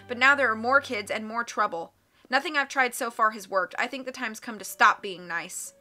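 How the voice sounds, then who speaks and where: A woman's voice: a little high, moderate pace, pushed and bright, soft background music. A woman voicing an irritable middle-aged male researcher who grumbles and complains. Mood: grumbling. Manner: grumbling, resentful.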